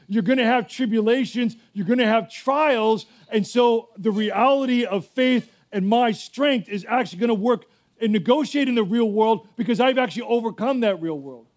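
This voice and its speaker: A male pastor preaching a sermon in a fervent, emphatic way, often repeating himself. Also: extremely high pitch.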